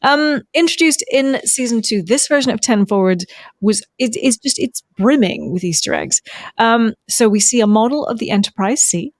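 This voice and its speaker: A woman's voice: a little high, lively intonation, normal speed, no echo, studio quality. A woman co-hosting a podcast, chatting casually and rambling with many ums. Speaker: podcast co-host. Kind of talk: casual recap chat.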